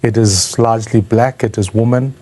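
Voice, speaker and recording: A man's voice: fairly low pitch, fairly even intonation, moderate pace, a little mellow. Earnest man answering an interview. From South Africa. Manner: earnest, reflective.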